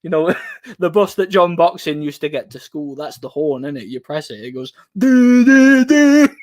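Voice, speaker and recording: A man's voice: fairly high pitch, steady tone, normal speed, dry recording, highs cut off. A tired man with an English Midlands accent hosts a livestream, reading chat and chatting casually in a rambling way, laughing often and repeating his words.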